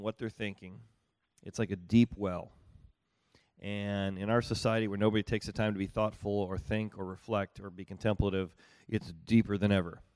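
A middle-aged pastor with a lowish, darkish voice that sounds clear and resonant, recorded with no room sound. He teaches on marriage and listening in a folksy, conversational way, often asking his audience rhetorical questions like whether it makes sense.

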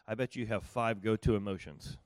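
Speaking fairly quickly in a fairly low voice, this middle-aged man is a pastor teaching about marriage and listening, and the recording has no room sound. He keeps things folksy and conversational, tossing rhetorical questions at the audience about whether it all makes sense.

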